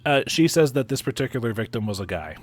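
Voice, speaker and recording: A man narrates a tabletop game as its game master. He restarts and repeats words as he explains things. His voice sits at an ordinary middle pitch. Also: big pitch swings, quick pace, a little hiss or hum.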